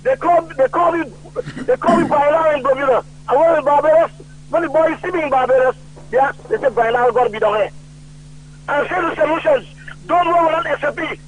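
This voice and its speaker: A man's voice: very high voice, fairly quick, a little hiss or hum. Heated man on a phone line. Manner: loud and heated, retelling quoted conversations. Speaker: radio call-in caller. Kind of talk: political rant on a call-in show.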